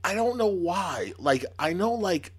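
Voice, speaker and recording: A man with a congested voice chatting casually as a podcast co-host, telling animated stories and doing playful mock quotes. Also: sits high, unhurried, breathy edge. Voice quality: accent slipping into a Boston sound. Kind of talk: casual chat.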